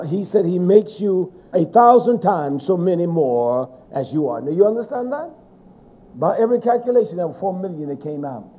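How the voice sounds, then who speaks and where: Gravelly, high-pitched preacher, man. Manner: fervent, swings from shouting to low muttering. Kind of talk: sermon.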